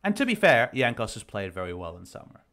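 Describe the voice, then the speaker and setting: A man's voice: lowish voice, very animated, fast talker, fairly bright tone. A man breaking down a recorded match as an esports analyst, explaining plays in detail. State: losing his voice. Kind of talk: game review commentary.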